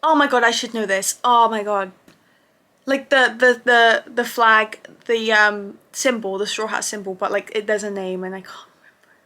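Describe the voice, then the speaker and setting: A woman casually reviewing anime episodes for her channel, gushing and excitable and swearing freely. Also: a little high, normal speed.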